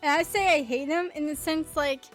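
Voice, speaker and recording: A woman streamer talks casually over a game, rambling and laughing, with mild swearing thrown in. Her voice is high, and soft music plays faintly behind her. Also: steady tone, normal speed.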